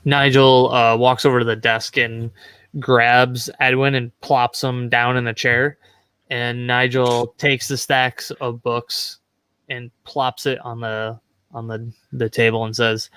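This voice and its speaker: A man at a tabletop game, speaking in a formal, courteous tone as his character. His voice is bright and forward, recorded close and dry. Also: medium pitch, little pitch movement, slow pace, smooth, no room sound. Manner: polite, formal when in character. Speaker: player.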